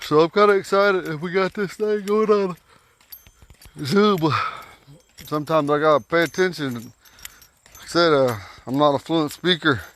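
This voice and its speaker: A man giving a casual, folksy language lesson while out walking at night, talking into a phone and repeating words slowly. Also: fairly high pitch, a bit bright. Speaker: language teacher. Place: outdoors at night on a walk.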